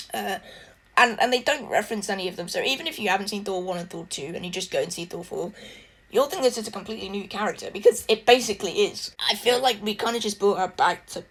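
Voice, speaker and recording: A woman's voice: mid-range voice, a bit bright. A woman giving a casual spoken film review, chatty and gushing, laughing often as she talks.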